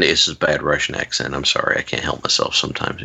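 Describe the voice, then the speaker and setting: A man's voice: a bass voice, a little fast, creaky, hardly any pauses, bright, forceful tone. A man telling rambling stories in a casual chat, with wry asides and frequent restarts.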